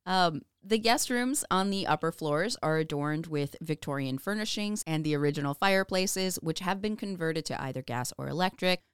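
A woman's voice: low voice, moderate pace, few pauses, clean tone, no room sound, clean studio sound. A woman co-hosting a podcast, reading researched history with casual asides and frequent laughs. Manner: laughs often, reads notes with asides. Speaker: podcast co-host.

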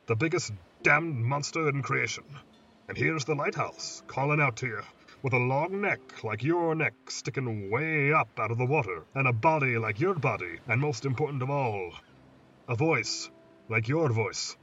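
A man voicing a weathered old lighthouse keeper who speaks slowly and in a hushed, musing way, heard on a distant, muffled recording with faint hiss. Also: mid-range voice, animated, breathy edge, exaggerated voice. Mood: brooding. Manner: slow, hushed, musing storyteller.

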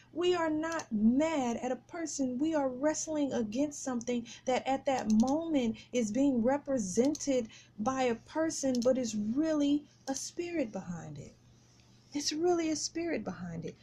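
This podcast host, a middle-aged woman, has a warm voice that sits high. In a casual faith discussion, she recounts a personal story and a faith lesson, repeating phrases for emphasis, over a little hiss or hum.

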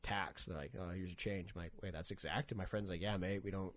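A man's voice: low-pitched, fairly even intonation, quick pace. A young man in casual chat, telling stories animatedly, swearing often and acting out quotes in a raised voice.

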